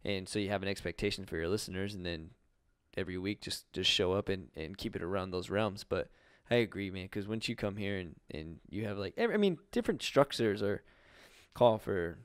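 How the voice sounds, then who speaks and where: A man co-hosting a laid-back podcast in casual chat, his voice low and smooth. He rambles along, cursing freely and leaning on "like" as filler, recorded dry and close. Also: animated, brisk, no room sound. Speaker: podcast co-host. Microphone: webcam.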